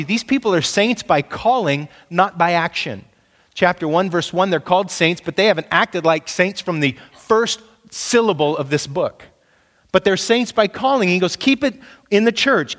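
A man's voice: a little high, a bit bright, in a large hall. A man preaching a sermon as pastor, emphatic and punchy, asking his listeners rhetorical questions.

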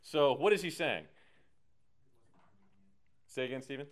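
A man leading a casual Bible study, animated and slangy, acting out the characters as he teaches. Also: medium pitch, unhurried. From United States.

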